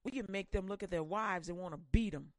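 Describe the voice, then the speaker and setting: A woman preacher voicing gloating, scheming demonic spirits in low, sneering taunts. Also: fairly quick, no echo, lightly acted.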